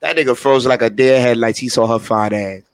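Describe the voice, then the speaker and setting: A man's voice: mid-range voice, steady tone, fairly quick, smooth. A man joining a podcast chat with crude, joking banter. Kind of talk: casual chat.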